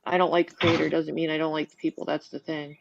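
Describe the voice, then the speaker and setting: A woman's voice: low voice, little pitch movement, quick pace, creaky, lo-fi sound, heavy background noise. A woman hosting a live online panel, talking in a hesitant, apologetic, casual way. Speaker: panel host.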